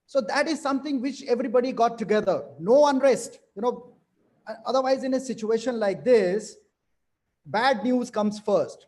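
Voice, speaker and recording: A man from India moderates a panel, his voice pitched high for a man. He speaks in halting phrases, leaning on fillers as he gathers his points. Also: darkish tone. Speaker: session moderator.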